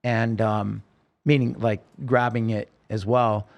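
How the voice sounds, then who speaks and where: A man telling his own story in a podcast interview, earnest and halting, with many restarts. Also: lowish voice, level tone, vocal fry, a little mellow.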